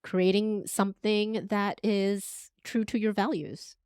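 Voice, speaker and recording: Woman in her forties, lively storyteller, mid-pitched voice, dry close sound. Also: slow pace, clean tone, dry recording. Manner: animated storyteller, acts out voices. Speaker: guest, podcast strategist and voice coach. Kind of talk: conversational interview.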